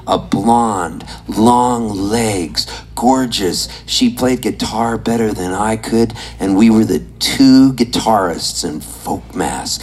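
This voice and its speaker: A man in his sixties from Southern California, telling animated, laughing, profane stories from his childhood in a casual way. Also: lowish voice, slight background noise, poor audio. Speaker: storyteller. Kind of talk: casual storytelling.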